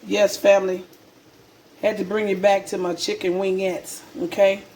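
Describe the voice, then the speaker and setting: A woman's voice: medium pitch, little pitch movement, normal speed, darkish tone, slight background noise. A woman hosting a casual home cooking vlog, chatty and repetitive, calling her viewers baby and family. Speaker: cooking channel host. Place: home kitchen.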